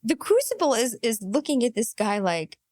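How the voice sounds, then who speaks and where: A woman's voice: fairly high pitch, sing-song, normal speed, darkish tone, no echo, clean studio sound. A woman giving amused, mocking reaction commentary, often laughing at what she watches.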